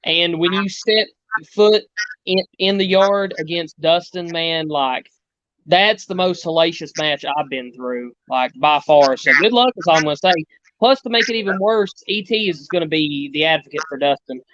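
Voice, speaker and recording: A man's voice: a little high, moderate pace, fairly bright tone, no echo. A man who is a guest wrestler and champion, cutting a boastful, rambling promo full of trash talk. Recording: dull lo-fi sound.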